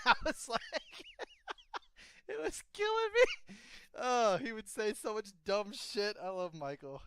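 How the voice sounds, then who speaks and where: Lively, bright-voiced male podcast co-host. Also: sits high, a little slow, smooth, no echo. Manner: animated, laughing, swears a lot, acts out scenes. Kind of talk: casual chat.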